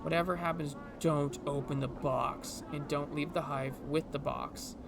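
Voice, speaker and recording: A man's voice: a little high, steady tone, a little slow, gravelly, background noise. Man putting on a lilting ragged beggar. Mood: warning. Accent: put-on Scottish-Irish lilt. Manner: pleading, urgent. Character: grimy ragged male beggar, pleading and shifty.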